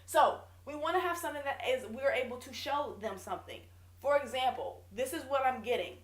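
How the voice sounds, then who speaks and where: A woman's voice: high-pitched, fairly quick. A woman business coach giving direct, emphatic advice in a casual video lesson. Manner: direct, emphatic, self-correcting. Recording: echoey room.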